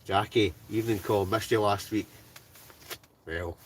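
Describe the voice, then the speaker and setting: A man's voice: on the low side, fairly even intonation, measured pace, recorded from a distance, a little hiss or hum. A Scottish man livestreaming from a tent outdoors, chatting casually and greeting viewers by name as he reads their comments. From Scotland. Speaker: wild camping livestreamer. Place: hot tent outdoors behind his house.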